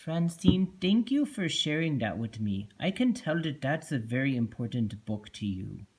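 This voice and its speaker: A woman voicing a gentle, patient female unicorn who hosts a kids show and teaches in a slow, soothing way. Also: extremely low pitch, big pitch swings, breathy edge, heavily acted. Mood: calm. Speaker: host.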